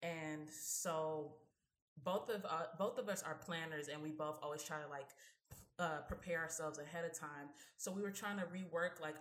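A young woman co-hosting a casual panel talk, telling a personal story in an animated way. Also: sits low, roomy sound. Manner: animated storyteller who acts out both sides of a conversation. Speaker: podcast co-host.

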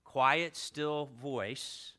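A man in his thirties preaching a casual sermon, swinging from loud exhortation to hushed emphasis. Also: mid-range voice, drawn-out words.

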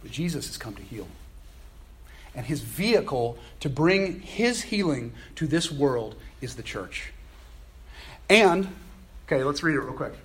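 A man preaching a sermon as pastor, conversational and animated, with laughs and exclamations. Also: mid-range voice, measured pace, pauses often, slightly rough.

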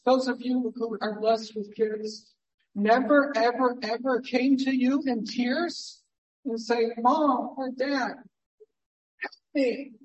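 A male pastor delivers a sermon in a high, unhurried voice. He speaks earnestly and conversationally, leaning on rhetorical questions. The room mic sits far off, so his voice rings through an echoey church hall. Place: church sanctuary.

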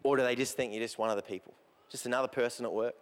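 A man's voice: medium pitch, rapid-fire, clear, resonant tone. A preaching man in a reverberant hall. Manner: animated preaching with repeated emphatic phrases. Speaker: pastor. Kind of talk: sermon.

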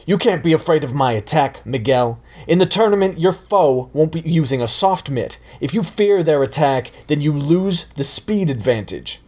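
A man voicing a gruff, hot-tempered male karate sensei who barks orders and swears in a storybook reading. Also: fairly low pitch, measured pace. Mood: shouting. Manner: barking, profane, growling.

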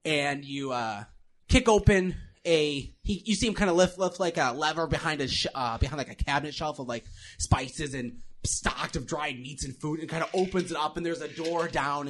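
A man's voice: a little high, brisk, a bit bright, slight background noise. A young man narrating a tabletop game as game master, rambling with many restarts and laughs.

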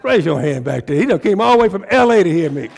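A man preaching a call-and-response sermon as pastor in a church, swinging from shouting excitement to a low, hushed prayer voice. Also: fast, gravelly, slightly rough. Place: church sanctuary.

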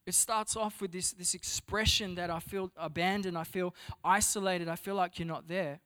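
A man, a pastor, preaching to a congregation. He often repeats words as he searches for the next thought, then rises to loud, emphatic passages. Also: high voice, fairly even intonation, normal speed. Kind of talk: sermon. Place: church hall before a congregation.

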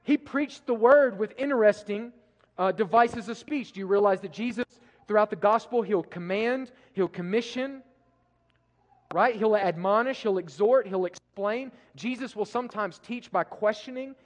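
A man preaching with a fairly high voice, swinging from forceful declarations to hushed lines. Long reverb trails each phrase from the hall he speaks in. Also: moderate pace. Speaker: pastor. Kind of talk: sermon.

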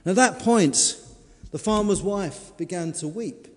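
A man's voice: high-pitched, expressive, measured pace, darkish tone. Male preacher in a reverberant hall. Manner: storytelling, dramatic, varied emphasis. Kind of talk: sermon.

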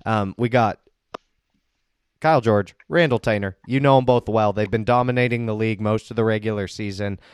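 A man's voice: fairly low pitch, brisk, clear, resonant tone, no echo, studio quality. A man hosting a casual podcast, joking and teasing his guests and laughing often. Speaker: podcast host and league commissioner.

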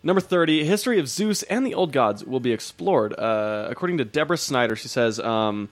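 A man co-hosts a casual podcast, joking around and reading news items aloud. Recorded on a podcast mic with no room sound, his medium-pitched voice is animated and brisk.

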